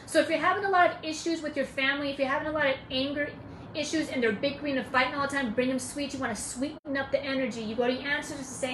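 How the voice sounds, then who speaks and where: High-voiced emphatic woman in an echoey room. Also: fast, fairly bright tone, slight background noise. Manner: emphatic, preachy, repeats herself. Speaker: spiritual teacher. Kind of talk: casual live-stream advice.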